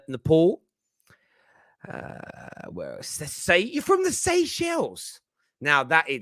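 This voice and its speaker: A man's voice: mid-range voice, a bit bright, no echo, clean studio sound. A man hosting a live football phone-in stream, chatting and bantering with viewers. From England. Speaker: football podcast host.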